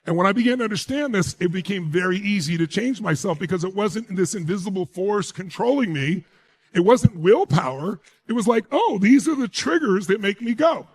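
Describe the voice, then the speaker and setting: Animated, high-pitched male motivational speaker. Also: fairly quick, husky. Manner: emphatic, asks the audience rhetorical questions. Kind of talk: live motivational speech to an audience.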